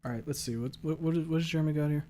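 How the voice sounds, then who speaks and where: Rambling young man streamer, joking around. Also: rapid-fire. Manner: jokey and rambling, swings between loud excited bursts and low mumbled asides. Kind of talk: casual chat reading out viewer messages.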